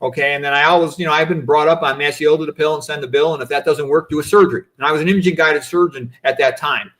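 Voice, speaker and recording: A man's voice: on the high side, fairly even intonation, quick pace, a bit bright. A man in his fifties, a doctor guest on a video-call talk show, speaking in a reflective, rambling way with many asides. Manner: reflective, rambling, frequent "you know" and "okay". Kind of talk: casual interview answers.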